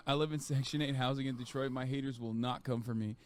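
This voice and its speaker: A man's voice: medium pitch, steady tone, fast talker, hardly any pauses. A man streaming, reading viewer comments aloud in casual commentary and laughing along. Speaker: streamer in played clip.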